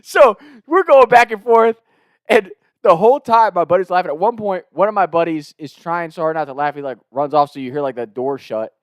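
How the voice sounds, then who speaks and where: A young-sounding man spins a comedic story in a loose, rambling way, full of swearing and fillers. His voice sits a bit high for a man. The sound is dry and close. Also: a little fast, dry recording. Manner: profane, rambling, excitable.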